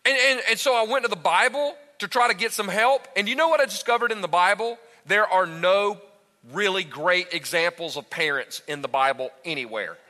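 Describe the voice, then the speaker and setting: A man in his thirties preaching a sermon to his congregation on a church stage, animated and talking straight to the crowd. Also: high-pitched, moderate pace. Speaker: pastor. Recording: echoey hall with long reverb.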